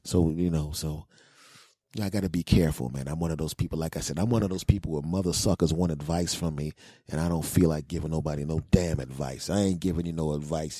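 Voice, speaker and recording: A man's voice: a bass voice, fast talker, warm tone, husky, dry recording, clean studio sound. A man hosting a comedy podcast who gripes in an exasperated, profane rant and acts out scenes.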